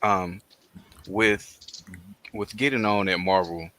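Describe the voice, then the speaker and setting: Deep voiced guy on a stream panel, sharp edge to his tone, asks slow careful questions. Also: fairly even intonation. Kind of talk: casual panel chat over a livestream. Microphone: video call.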